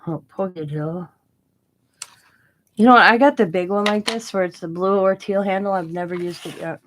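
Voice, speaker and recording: A woman's voice: mid-range voice, moderate pace, low-quality recording. A middle-aged woman hosting a crafting video, chatting casually as she works and laughing often while she tells stories. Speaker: crafting channel host.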